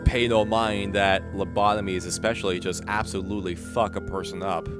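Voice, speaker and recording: A man's voice: sits low, fairly even intonation, normal speed, music in the background. A man casually commenting as a streamer, rambling with lots of fillers and restarts and laughing easily. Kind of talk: casual live watch-along commentary.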